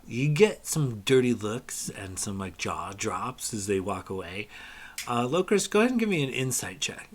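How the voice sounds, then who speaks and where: A man narrating a tabletop game as game master in a relaxed, rambling way with many fillers. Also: medium pitch, moderate pace, slight background noise.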